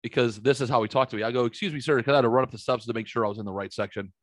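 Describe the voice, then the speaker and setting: A man's voice: mid-range voice, racing, dry recording, studio quality. A man in his forties, telling stories in a casual chat, acting out quotes and swearing freely. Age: 40s. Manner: animated storyteller, acts out quotes, swears freely. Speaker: podcast co-host.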